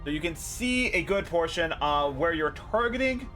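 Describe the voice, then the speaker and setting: Male game master, casual and self-mocking, voice a touch high, faint music underneath. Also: expressive, normal speed, pushed and bright. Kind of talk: narrating a tabletop game.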